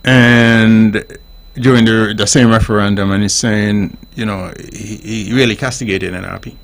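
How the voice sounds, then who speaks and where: A man's voice: lowish voice, steady tone, measured pace, gravelly. A man talking on a call-in radio show. He explains his points like a teacher and keeps checking whether the listener understands.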